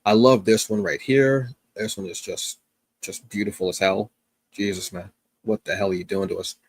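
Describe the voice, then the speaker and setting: A man's voice: fairly low pitch, fairly even intonation, moderate pace, husky, dry recording. A tired man hosting a comics review stream, talking casually and enthusiastically with lots of fillers and restarts. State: tired, up since early morning. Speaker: comics review show host. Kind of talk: casual solo livestream talk.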